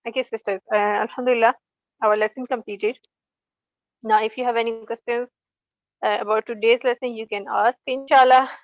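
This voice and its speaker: Woman teacher going slow and steady, kinda high voice, dull lo-fi call audio. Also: no room sound. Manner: patient, slow demonstrating of recitation. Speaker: tajweed teacher. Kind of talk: online class lesson.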